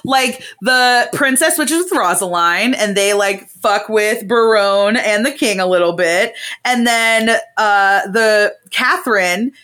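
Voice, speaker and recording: A young woman co-hosting a podcast casually retells a play's plot, swearing freely and giving an animated play-by-play with quick put-on voices for the characters. Her voice is medium-pitched with a clean tone.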